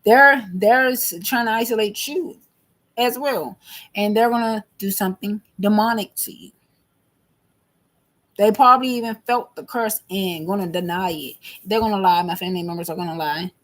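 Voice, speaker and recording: A woman's voice: medium pitch, moderate pace, fairly bright tone. A woman in her thirties venting to camera in an emphatic, repetitive, agitated monologue. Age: 30s. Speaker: vlogger.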